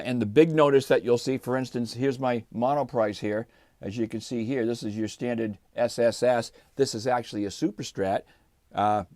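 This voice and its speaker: A man's voice: mid-range voice, no echo, clean studio sound. Older man casually reviewing a guitar. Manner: relaxed, chatty, explains as he goes. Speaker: guitar reviewer and channel host. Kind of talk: casual product review and demo.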